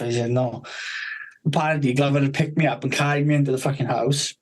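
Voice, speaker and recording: A man's voice: mid-range voice, steady tone, fairly quick, poor audio. A man telling a rambling story on a podcast, swearing constantly and acting out the people he quotes.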